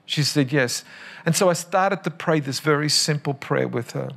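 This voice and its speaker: Passionate pastor with husky voice. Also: male voice, lively intonation, moderate pace, fairly bright tone. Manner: passionate, rising to emphatic high peaks. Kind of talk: sermon. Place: church.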